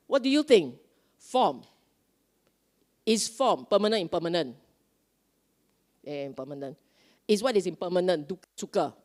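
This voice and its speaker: A woman giving a conversational dharma talk at a Buddhist retreat, often asking her listeners questions. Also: medium pitch. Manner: lively, conversational, asks the audience questions.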